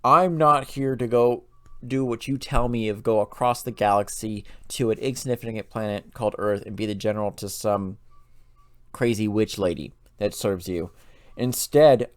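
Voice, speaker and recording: A scornful, power-hungry alien gorilla general spits out his defiance, as a man puts him on. The voice drops a little lower than an everyday speaking voice and stays blunt and gruff. The sound is dry and close. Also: normal speed, no room sound, lightly acted. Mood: defiant.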